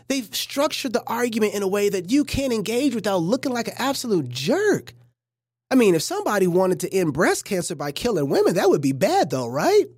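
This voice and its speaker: Woman, livestream host, casual reaction commentary, joking, preachy, very lively pitch, dry close sound. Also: breathy edge, dry recording. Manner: animated, joking, preachy asides.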